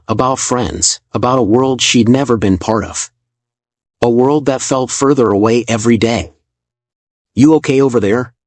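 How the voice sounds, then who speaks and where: A man narrating a dramatic story in a calm, measured, scripted way. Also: mid-range voice, dry recording.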